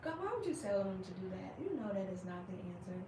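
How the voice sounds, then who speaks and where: A young woman chatting casually with viewers on her livestream, animated and laughing as she acts out their reactions. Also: medium pitch, fast talker, reverberant, distant mic, background noise. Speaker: livestream host.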